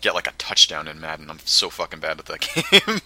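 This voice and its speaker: Bright-voiced man in casual chat. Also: a bass voice, wildly swooping pitch, a little fast, dry recording. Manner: laid-back, laughs often, swears casually.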